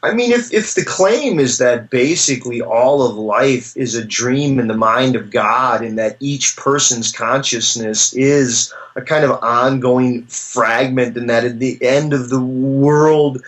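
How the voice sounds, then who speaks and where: A man's voice: mid-range voice, measured pace, hardly any pauses, a bit bright. A man, a professor, talks through philosophical ideas in a conversational interview, searching for his words and reaching for stories to make his points. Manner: thoughtful, searching, with frequent restarts and storytelling asides.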